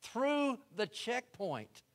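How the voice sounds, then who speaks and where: A man's voice: very high voice, sing-song, drawn-out words. A middle-aged man, a guest speaker, telling a story in a sermon and acting out his own prayers.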